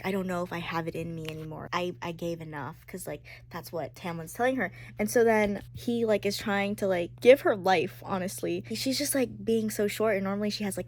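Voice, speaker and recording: A woman's voice: medium pitch, a little mellow, slightly rough. A woman chatting casually and emotionally in a reading-reaction vlog, with lots of "like" fillers. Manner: gushing, emotional, heavy use of "like". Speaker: book vlogger.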